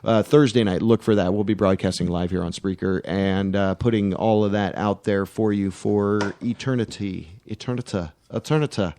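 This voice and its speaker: Gravelly guy hosting a loose radio show, rambles with lots of "uh". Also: fairly low pitch, steady tone, normal speed, hardly any pauses, mellow, slight background noise. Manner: rambling, many fillers, swears. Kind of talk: casual podcast banter.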